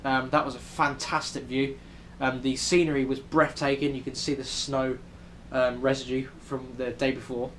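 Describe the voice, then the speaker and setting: A man's voice: medium pitch, little pitch movement, normal speed, hardly any pauses, fairly bright tone, slight background noise. A young man with a British accent, chatting casually in a travel vlog with lots of ums. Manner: chatty, many ums, rambling. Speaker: vlogger. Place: hotel room in New York City.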